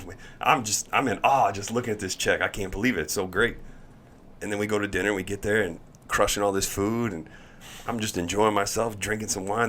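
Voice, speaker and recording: Lively lower-voiced man telling a story. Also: slight background noise. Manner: animated storyteller, acts out voices, laughs while talking. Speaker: former pro baseball pitcher, podcast guest. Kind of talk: casual storytelling chat.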